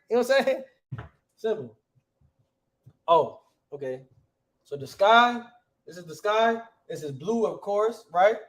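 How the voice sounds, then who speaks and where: A man's voice: very high-pitched, lively intonation, normal speed, pauses often. Slangy man teaching a class. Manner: casual, keeps checking with "right?"; slangy, conversational.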